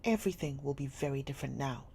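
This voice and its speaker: A woman voicing a cold, domineering schoolmistress who scolds in a sharp, stern tone, with a faint hum behind. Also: rumbling low, fast talker, gravelly.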